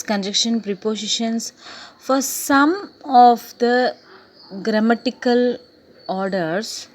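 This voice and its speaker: A woman teacher giving a recorded English lesson, speaking deliberately and repeating her key points. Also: on the high side.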